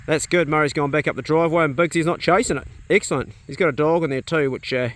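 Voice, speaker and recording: A New Zealand vlogger with a slightly higher voice chats casually through a farm vlog, talking to the camera and sometimes to his animals. He's outdoors on a rural farm, with crickets and animal noises in the background, and he speaks fast with a somewhat bright tone.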